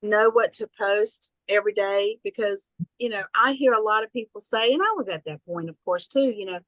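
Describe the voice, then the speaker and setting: A woman's voice: mid-range voice, moderate pace, a bit bright, no echo, low-quality recording. A woman with a Southern accent leading an online business training, folksy and encouraging, chatty and upbeat.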